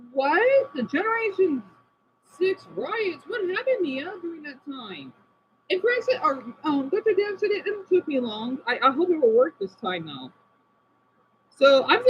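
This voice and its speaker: An American man streaming live, chatting loosely with his viewers. His pitch jumps around a lot as he rambles from one thought to the next. The sound is dull and lo-fi, with a faint hum underneath. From United States. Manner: scattered, rambling, reacts to chat aloud. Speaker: livestreamer. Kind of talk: casual live stream chat.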